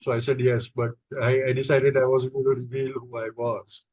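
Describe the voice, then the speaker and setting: A man's voice: medium pitch, flat delivery, normal speed, a little mellow, no room sound, muffled recording. Hesitant man telling stories. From India. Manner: hesitant, many fillers and restarts. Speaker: podcast guest. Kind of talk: conversational storytelling.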